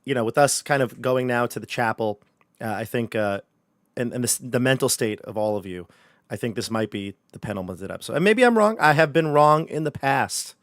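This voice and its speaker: A man's voice: medium pitch, expressive, fairly quick, dry recording, studio quality. A man running a livestreamed tabletop horror game, joking and chatty with his players. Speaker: game master.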